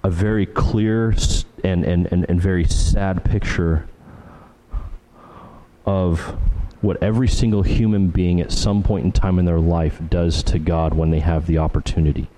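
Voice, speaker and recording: Male pastor, unhurried sermon delivery, warm mellow tone, earnest repetition for emphasis. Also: low voice, fairly even intonation, a little hiss or hum, rough recording. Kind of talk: expository sermon.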